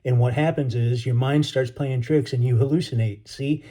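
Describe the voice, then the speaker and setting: A man voicing a kindly, gruff Marine who talks in folksy slang to calm a scared boy. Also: mid-range voice, normal speed, lightly acted. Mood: reassuring. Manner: folksy, reassuring, drawling slang.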